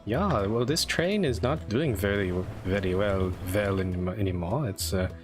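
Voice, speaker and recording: A man's voice: fairly low pitch, normal speed, over music. A man streaming a strategy game, chatting casually and self-deprecatingly with lots of restarts. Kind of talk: casual live-stream commentary.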